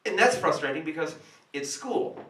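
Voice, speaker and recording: A man performing a stand-up comedy monologue in a small café, telling an animated story that swings between hushed asides and sudden loud outbursts. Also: fairly high pitch, normal speed. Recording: roomy café sound from a distant camera.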